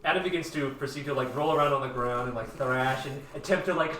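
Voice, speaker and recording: A man narrating as game master of a tabletop game, talking casually with many fillers and lively asides. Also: medium pitch, quick pace, echoey room, far from the mic, slight background noise. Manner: animated, lots of "like" fillers, jumps into character voices.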